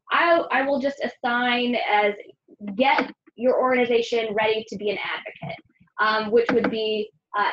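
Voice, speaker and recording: A woman's voice: fairly high pitch, fairly bright tone. A woman moderating a webinar, summarizing points in a hesitant way with many fillers. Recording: dull lo-fi audio with faint noise.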